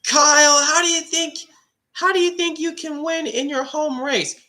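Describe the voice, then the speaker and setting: A man putting on a high, eager voice for a male interviewer asking a driver questions. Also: fairly even intonation, normal speed, sharp tone, full character voice. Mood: prodding.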